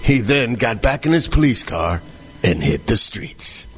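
A man narrating a scripted comedy sketch in a deadpan, matter-of-fact way. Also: mid-range voice, a little slow.

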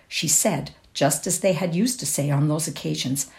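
A woman reading a classic short story aloud in a measured, expressive way. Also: low voice, vocal fry. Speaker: reader.

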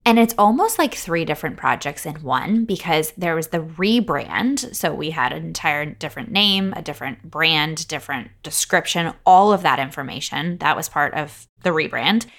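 A woman hosting her own solo podcast, talking in an upbeat, chatty way and running through lists, openly emotional and quick to laugh. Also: low voice, lively intonation, a bit bright. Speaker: podcast host.

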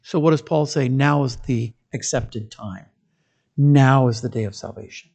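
A man's voice: mid-range voice, measured pace, vocal fry. Man, pastor, sermon, church, emphatic, conversational storytelling. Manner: emphatic, swings between loud stresses and quiet asides.

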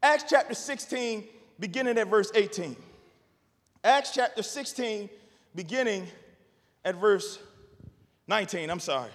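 A pastor in his thirties preaching a sermon, animated, rising to shouts and repeating phrases. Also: high voice, measured pace, pauses often, in a large hall.

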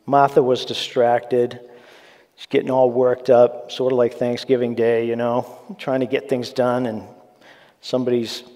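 A man's voice: medium pitch, mellow. A man preaching a sermon in an earnest, conversational way, with casual asides to his congregation. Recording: long reverb of a large hall.

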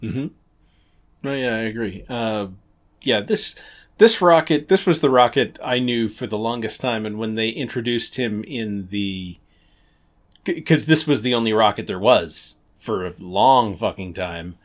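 A man's voice: lowish voice, unhurried. A man in his forties hosting a comics podcast, chatting casually, laughing often and swearing now and then. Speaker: podcast host. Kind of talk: casual chat.

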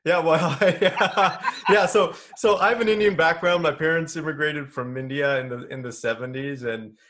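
A man from Canada who coaches men in business, speaking as a podcast guest in a relaxed, conversational way. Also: on the high side, moderate pace. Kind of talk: podcast interview.

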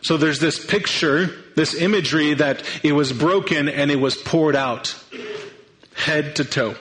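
Guy giving a sermon, kinda high voice, earnest, restarts his sentences a lot. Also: measured pace, fairly bright tone, low-quality recording. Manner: earnest, thinking aloud with restarts. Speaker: pastor.

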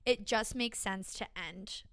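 Bright-voiced chatty young woman podcaster. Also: mid-range voice, steady tone, measured pace, no room sound. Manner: chatty, fillers of "like", laughs between lines. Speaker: podcast co-host. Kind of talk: casual podcast chat and storytelling.

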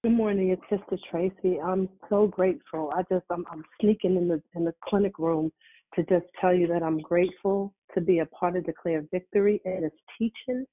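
A woman's voice: lowish voice, steady tone, brisk. A woman calling in from a clinic room, gushing with joy and gratitude. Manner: joyful, gushing. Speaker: caller. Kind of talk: casual prayer-call greeting. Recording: tinny phone line.

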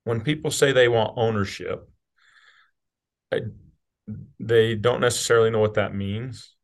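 A man's voice: mid-range voice, steady tone, unhurried, gravelly. A middle-aged man from rural Utah, a company CEO talking candidly as a podcast guest, blunt and casual, with the odd swear word. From rural Utah, USA. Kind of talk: candid conversational interview.

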